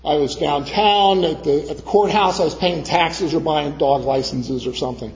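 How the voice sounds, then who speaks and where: A man's voice: fairly high pitch, moderate pace. A man from preaching a sermon, telling a personal story and acting out the other people's voices. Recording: dull sound in a reverberant church hall.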